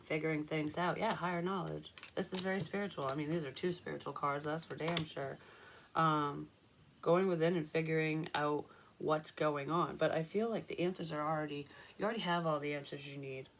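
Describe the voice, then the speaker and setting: A woman's voice: low voice, fairly even intonation, a little fast, a little hiss or hum. A young woman doing a casual tarot reading, rambling through personal stories and swearing freely. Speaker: psychic tarot reader.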